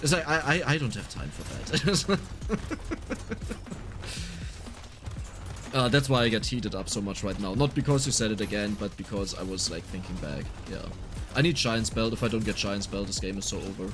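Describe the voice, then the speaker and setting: A man with a German accent chatting casually on a gaming livestream, talkative and quick to get heated. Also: on the low side, expressive, noisy background. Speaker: streamer.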